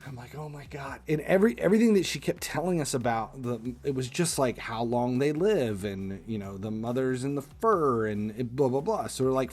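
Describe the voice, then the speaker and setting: A man hosting a livestream, telling a casual anecdote in an animated, exasperated way with casual swearing. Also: mid-range voice. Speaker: livestream host. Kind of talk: casual storytelling.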